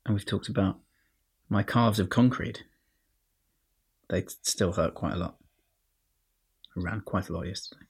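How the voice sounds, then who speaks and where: A man's voice: low voice, moderate pace, creaky, long pauses, husky. A man hosting a podcast, dry and self-mocking, wrapping up a show and reading a short piece, sometimes dropping to near-whispers. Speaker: podcast host.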